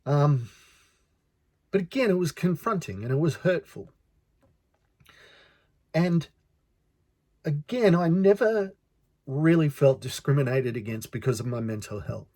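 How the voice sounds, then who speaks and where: A man's voice: a little high, very animated, unhurried, pauses often, dark tone, no echo. An Australian man hosting a podcast, telling a personal story in an earnest way and often repeating words as he talks. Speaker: podcast host.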